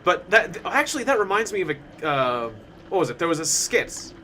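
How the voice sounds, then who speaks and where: Lively, bright-voiced man streaming games. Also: high-pitched, normal speed, slight background noise. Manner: rambling, laughs often, many fillers. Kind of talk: casual live-stream chat while gaming.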